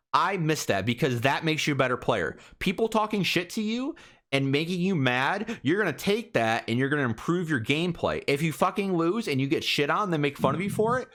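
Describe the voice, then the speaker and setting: A man in casual podcast chat, swearing freely and bragging as he rants. His voice sits a little high and swings widely in pitch, so every point lands with bounce and heat. The delivery is loud-mouthed and animated. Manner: animated, profane, boastful ranting. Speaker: podcast co-host.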